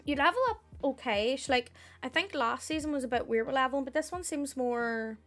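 Young Northern Irish woman, high voice, friendly live-stream chatter; faint music under her. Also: fairly quick, a bit bright. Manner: chatty, thanks viewers by name, says "heck". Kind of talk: casual live-stream chat.

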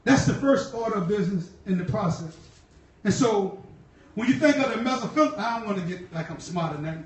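A woman's voice: mid-range voice, lively intonation, fairly quick. A woman preacher delivering a sermon, telling stories in a casual, slangy way and repeating key lines with fervent bursts. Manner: fervent, repetitive, shouting bursts, laughs; conversational slang storytelling. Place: church. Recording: echoey hall from far off.

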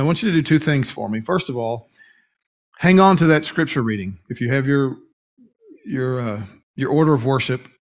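Pastor guy preaching in church, earnest, drags out the big words, mid pitch. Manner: earnest, with stretched emphatic words and brief restarts. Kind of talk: sermon. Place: church sanctuary.

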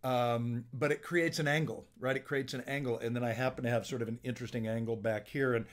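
A middle-aged man talks straight to camera, giving a business coach's casual tips on making videos. He speaks at an ordinary pitch and keeps a loose, friendly, conversational flow with many small restarts and fillers. The sound comes from a small plug-in phone mic in a home office lined with books. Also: steady tone, fast. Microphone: small plug-in phone microphone.

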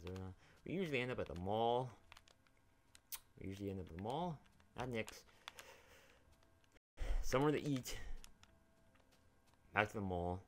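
A man's voice: lowish voice, lively intonation, moderate pace, pauses often. A young man giving casual, rambling commentary while playing a video game, swearing freely and talking to the characters on screen. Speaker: gaming YouTuber.

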